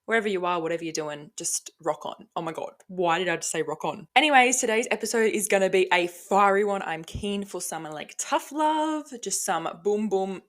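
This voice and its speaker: A woman's voice: medium pitch, a little fast, few pauses, fairly bright tone. A young woman hosting her own podcast, chatting casually and rambling with cheerful energy, swearing freely and poking fun at herself, recorded close to the mic. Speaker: podcast host. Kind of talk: casual solo podcast chat. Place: home room, recording on camera. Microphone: close microphone.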